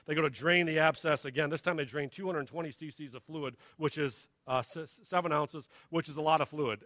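Bright-voiced man preaching, animated. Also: fairly high pitch, no room sound. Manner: conversational, halting with restarts, rising to emphatic questions. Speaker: pastor. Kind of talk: sermon with personal story.

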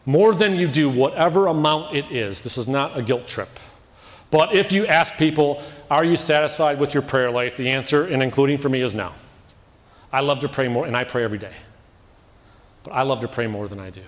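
A man preaching a sermon as pastor, telling a personal story with animated quoted voices and building into emphatic repeated lines. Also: medium pitch, fairly quick, in a large hall.

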